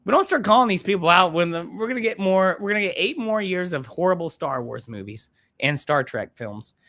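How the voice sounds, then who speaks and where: A man hosts a live stream, talking bluntly, profanely and in a rambling way. His voice is bright and forward. He moves between heated rants and reading viewers' comments aloud. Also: sits high, lively intonation, a little fast.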